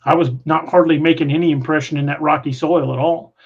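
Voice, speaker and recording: Man, podcast host, casual rambling chat, frequent restarts, fairly high voice, dull lo-fi sound. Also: steady tone, fast talker, husky. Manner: rambling storyteller with many restarts. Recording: muffled lo-fi audio.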